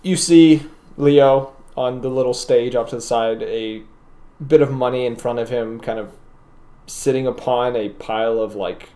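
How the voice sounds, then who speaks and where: A man narrating as game master in a casual tabletop session, laid-back and quick to laugh. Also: medium pitch, steady tone, mellow.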